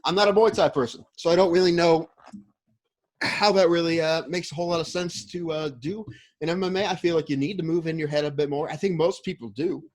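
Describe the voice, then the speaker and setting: A man's voice: on the high side, steady tone, brisk. A man co-hosting a podcast, chatting casually and hedging his opinions as he rambles. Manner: rambling, hedging fan talk. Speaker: podcast co-host. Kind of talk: casual chat.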